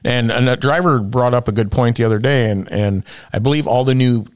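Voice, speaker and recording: A man's voice: mid-range voice, a little fast, clear, resonant tone, no room sound, clean studio sound. A man hosting a casual work chat, rambling through stories and asking many questions. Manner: chatty, rambling, asks lots of questions.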